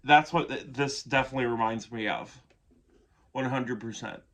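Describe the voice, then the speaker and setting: A man's voice: medium pitch, moderate pace, fairly bright tone. A man giving casual reaction commentary on an album, gushing and chatty, who swears casually and keeps yawning. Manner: yawns often. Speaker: music reaction youtuber.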